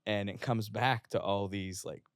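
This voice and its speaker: Profane, animated man telling stories. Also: fairly low pitch, measured pace, smooth, dry recording. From West Virginia. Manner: profane, animated storyteller who acts out quotes. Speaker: guest, fitness influencer. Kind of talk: casual storytelling. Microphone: podcast studio microphone.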